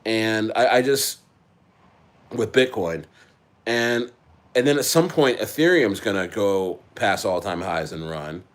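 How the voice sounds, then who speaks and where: A man hosting a casual crypto livestream, rambling with many halting restarts as he answers his chat. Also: lowish voice. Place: living in Chile.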